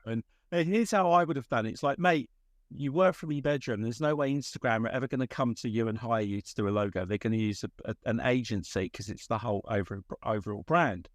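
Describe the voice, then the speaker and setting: A man's voice: mid-range voice, fast, no echo. Chatty man, dry close sound. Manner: rambling, animated storytelling with acted-out quotes. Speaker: podcast host. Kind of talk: casual chat.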